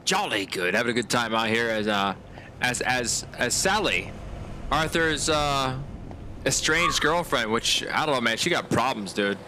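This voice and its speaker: A male game streamer chats through casual gameplay commentary in laid-back slang, often chuckling. His voice is mid-pitched and ordinary. A clear hum of background noise sits under his talk. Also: lively intonation, unhurried.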